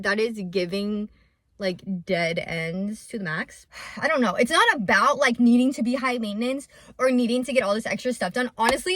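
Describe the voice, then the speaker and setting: A woman's voice: on the high side, pushed and bright, dry recording, studio quality. Candid young woman rambling on camera. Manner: rambling and open, with many "like" fillers. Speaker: vlogger and small business owner. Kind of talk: candid confessional vlog.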